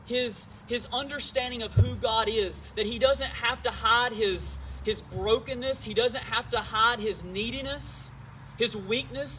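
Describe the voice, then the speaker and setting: High-voiced earnest man leading prayer. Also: distant mic, slight background noise. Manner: earnest, gentle, repeats words as he goes. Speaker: pastor. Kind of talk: sermon and prayer. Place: church service.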